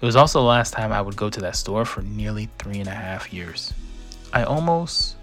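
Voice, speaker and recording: A man's voice: on the low side, expressive, moderate pace, a bit bright, faint music behind. A young man telling a first-person story in a casual, conversational way, acting out quoted lines.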